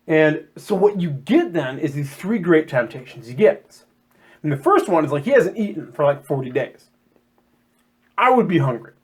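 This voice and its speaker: Animated man with a lively voice. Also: fairly high pitch, breathy edge. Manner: animated, jokey, acts out quotes in silly voices. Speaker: podcast co-host. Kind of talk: casual chat about scripture.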